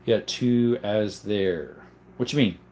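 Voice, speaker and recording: A young man running a casual livestream speaks slowly in a mellow, lowish voice. He reads comments from viewers and answers them loosely, as if chatting. A little hiss or hum is audible.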